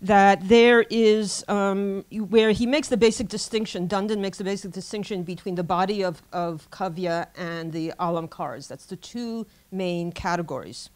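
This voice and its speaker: Woman lecturing at a conference, mid-pitched voice, careful academic tone, lots of little ums and restarts. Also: a little mellow. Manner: measured scholarly delivery with frequent ums and self-corrections.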